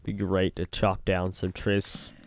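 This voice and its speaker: A man's voice: deep voice, completely flat delivery, slow, creaky, no room sound. A young Canadian man with a Canadian accent, rambling goofily as he gives let's-play commentary and toys with words. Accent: Canadian English. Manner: rambling, goofy, plays with words. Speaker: gaming video host.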